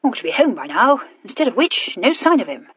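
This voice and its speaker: A woman voicing a fussy, punctilious gentleman who talks in clipped, breathless phrases that drop their words. The recording is dull and dry. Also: a little high, sing-song, fairly quick, breathy edge, no room sound, pitched above the performer's own voice, heavily acted. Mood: flustered.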